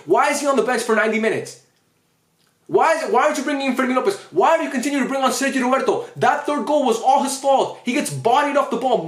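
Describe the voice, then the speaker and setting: A man's voice: high-pitched, fairly bright tone, reverberant. A man giving an angry, frustrated post-match rant as a football fan, swearing often and sounding upset.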